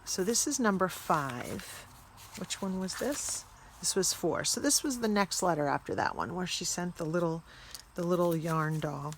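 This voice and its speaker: Low-voiced woman chatting about old letters. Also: animated, normal speed, a little hiss or hum. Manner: chatty, stops to puzzle over words. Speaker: vlog host. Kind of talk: casual chat, reading old letters aloud.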